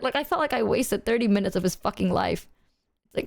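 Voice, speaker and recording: A woman streamer telling a story to her chat in a casual, animated way, swearing freely. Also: on the high side, quick pace, gravelly.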